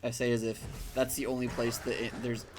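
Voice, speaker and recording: A man's voice: mid-range voice, level tone, brisk, music in the background. A man chatting casually while playing a video game, rambling through a story with lots of fillers and the odd swear. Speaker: gaming streamer. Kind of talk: casual let's-play commentary.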